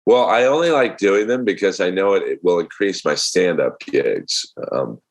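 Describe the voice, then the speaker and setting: A man with a deep voice, a stand-up comedian telling stories as a guest in a casual interview. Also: moderate pace, vocal fry. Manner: relaxed storytelling with many fillers.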